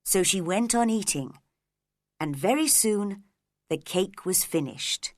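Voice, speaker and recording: A woman narrating a storybook in a slow, gentle, expressive reading. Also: mid-range voice, a little hiss or hum.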